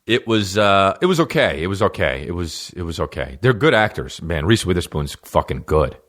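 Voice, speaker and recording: Middle aged dude w a real low voice, swearing a ton, rambling podcast talk. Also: male voice, very animated, moderate pace, a bit bright. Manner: profane, loose, restarts and tangents. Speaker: podcast host. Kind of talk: casual rambling monologue.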